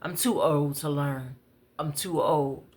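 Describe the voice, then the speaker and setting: A woman's voice: deep voice, slow pace, a little mellow, slightly rough, heavily acted. A woman voicing a stern bus driver scolding passengers over the microphone. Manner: scolding, firm.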